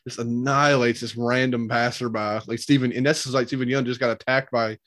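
A man with a mid-pitched voice chats casually about a movie he loved. He is enthusiastic, laughs easily and trails off into restarts. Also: fairly even intonation, a little fast, fairly bright tone. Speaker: movie discussion co-host. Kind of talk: casual chat.

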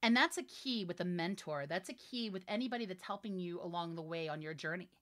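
A woman in her forties, a voiceover artist and director, chatting in an interview with lively, emphatic energy and frequent laughs. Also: on the low side, brisk. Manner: animated, laughing, emphatic storytelling. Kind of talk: casual interview chat.

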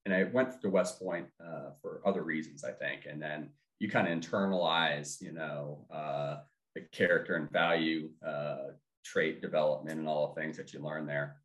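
Deep-voiced man, halting, echoey room. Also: steady tone, fairly bright tone. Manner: halting, many fillers and restarts. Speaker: guest, former Army officer. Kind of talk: conversational interview storytelling.

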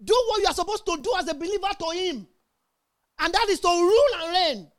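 A woman's voice: extremely high pitch, expressive, a little fast. A middle-aged woman preaching a sermon, emphatic and calling out to her congregation. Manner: emphatic, call-and-response with congregation.

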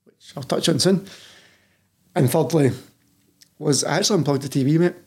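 A man's voice: on the high side, normal speed, darkish tone, husky. A Scottish man in his thirties, a personal trainer talking candidly as a podcast guest, swearing freely and calling the host "mate" constantly. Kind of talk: casual podcast chat.

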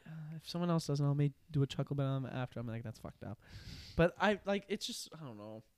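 A young man in casual chat, telling stories and ranting in quick animated bursts. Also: medium pitch, clean tone, no room sound, studio quality.

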